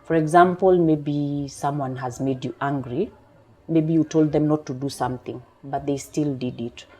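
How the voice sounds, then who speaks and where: A woman sits as a coach on a talk show, her voice low and mellow, with a husky grain. She explains at a measured, calm pace and talks through everyday examples. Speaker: emotional intelligence coach.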